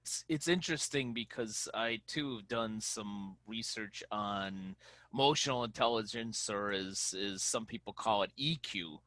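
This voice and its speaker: A man's voice: fairly low pitch, measured pace, sharp tone, no room sound. A man with a Chicago accent hosting a radio talk show, candid and self-deprecating, laughing as he talks. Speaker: podcast host. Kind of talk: casual interview chat and read sponsor ad.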